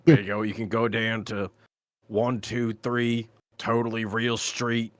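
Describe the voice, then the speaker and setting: A man's voice: fairly low pitch, flat delivery, measured pace, no room sound, close to an everyday voice. A man playing a breezy con-man official. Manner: breezy and overly polite, keeps saying "mate". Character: smooth-talking male con artist posing as an official.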